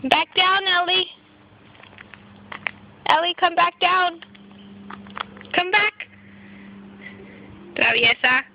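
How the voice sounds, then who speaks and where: A woman talking baby talk to a toddler in a very high, lively, sing-song voice, drawn out slowly. It is caught on a phone with a dull, lo-fi sound and faint background noise. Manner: sing-song, coaxing and encouraging. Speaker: parent or caregiver filming a toddler. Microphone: phone camera.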